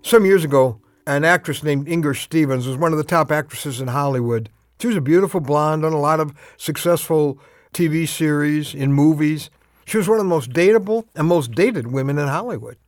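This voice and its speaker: A man giving a short radio devotional, earnest and emphatic, with dramatic pauses. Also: a little high, no echo, studio quality. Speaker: radio preacher.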